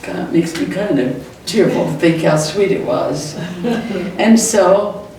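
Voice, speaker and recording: A woman's voice: on the low side, lively intonation, slow pace, gravelly, darkish tone. An older woman, a retired school teacher, fondly recalling stories from her classroom, chuckling now and then. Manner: fond storyteller, often chuckling. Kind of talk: personal reminiscence. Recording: echoey room, distant mic, faint noise.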